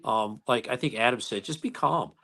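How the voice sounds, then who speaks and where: A man, a police officer and interview guest, telling stories in a calm, unhurried way. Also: mid-range voice, creaky. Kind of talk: casual chat.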